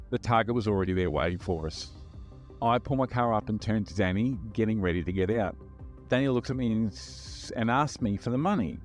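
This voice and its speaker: A man, a podcast host recounting his undercover days in a plain-spoken, wry first-person telling. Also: on the low side. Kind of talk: first-person true-crime storytelling.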